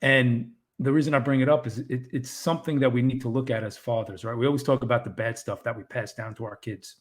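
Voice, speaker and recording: A man in his thirties talks in a relaxed, earnest way, encouraging other fathers and stumbling over his words as he rethinks them. His pitch sits at an average height for a man. The tone is conversational and unscripted. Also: quick pace. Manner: earnest and encouraging, with frequent restarts. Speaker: podcast co-host. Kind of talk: casual chat.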